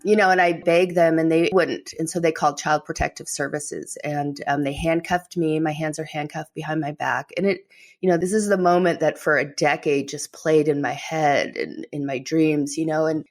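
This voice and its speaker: A woman's voice: low voice, fairly even intonation, normal speed. A middle-aged woman, a memoir author, telling her own story as an interview guest, candid and emotional, leaning on "you know".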